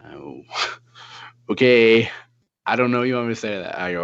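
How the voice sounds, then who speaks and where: A man's voice: on the low side, moderate pace, gravelly, pauses often, clear, resonant tone. Profane young man telling a story. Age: 20s. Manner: profane, animated retelling with quoted dialogue. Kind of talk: casual storytelling chat. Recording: dull lo-fi audio.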